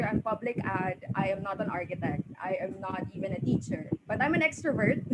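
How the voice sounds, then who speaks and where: A woman with a Filipino accent speaking as a panelist in a casual online discussion, bubbly and quick to laugh at herself. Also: on the high side. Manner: bubbly, laughs often, self-deprecating. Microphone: video call. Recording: loud background noise.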